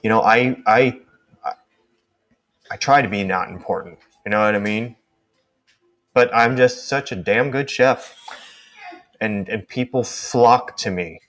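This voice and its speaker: A man's voice: fairly low pitch, measured pace, long pauses, a bit bright. A man voicing a boastful male ship's chef who rambles and restarts his sentences.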